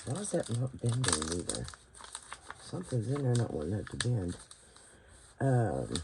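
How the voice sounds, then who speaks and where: A woman's voice: very deep voice, big pitch swings, moderate pace, noisy background. Tired West Virginian woman rambling while crafting. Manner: rambling, thinks aloud, searches for words. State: tired late at night. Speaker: bookbinding crafter hosting her channel. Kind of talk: casual hands-on craft tutorial. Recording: clear crinkling paper and clicking sounds behind.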